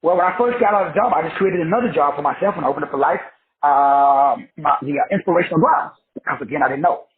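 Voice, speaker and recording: A man's voice: fairly high pitch, fast talker. A middle-aged man giving a casual motivational talk as a life coach, slangy and profane, acting out the voices of people he describes. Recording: tinny phone-like sound.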